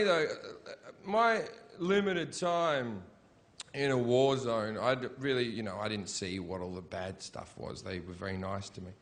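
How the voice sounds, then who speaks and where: A middle-aged man telling a crude war story as a stand-up comedian, breaking into shouted punchlines. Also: medium pitch, background noise. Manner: crude, shouty punchlines with sudden yelled quotes. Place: comedy stage before a laughing audience.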